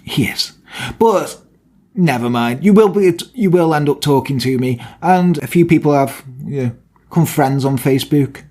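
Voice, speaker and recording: Chatty, joking man, fairly high voice. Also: normal speed, mellow. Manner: chatty, jokey and self-mocking. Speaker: podcast co-host. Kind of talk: casual podcast chat.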